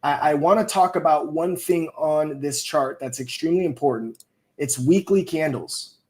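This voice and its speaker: A man's voice: on the high side, normal speed, darkish tone. A man hosting a live stream, talking about crypto markets in a loose, rambling way, with lots of fillers and swearing. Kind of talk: casual live-stream chat.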